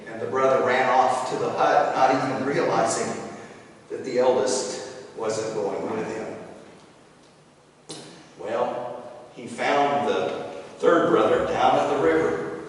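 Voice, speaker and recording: A pastor tells a parable with dramatic pacing during a sermon. He speaks slowly and a touch high. The sound is a big church sanctuary echo, picked up from far away with a faint hiss. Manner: dramatic storytelling. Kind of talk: sermon storytelling. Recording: echoey hall from far off.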